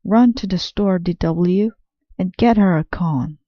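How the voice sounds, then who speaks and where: Arthur, a woman reading as a gentle boy. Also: lowish voice, measured pace, no echo, lo-fi sound. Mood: earnest. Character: kind worried boy aardvark.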